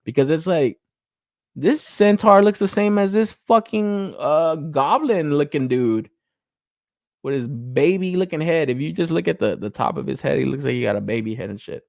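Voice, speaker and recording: Animated, blunt male toy reviewer. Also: a little high, moderate pace, vocal fry, no echo, clean studio sound. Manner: blunt, incredulous, laughs often, mocks others' hype in exaggerated voices. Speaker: podcast co-host reviewing action figures. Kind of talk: casual profane chat.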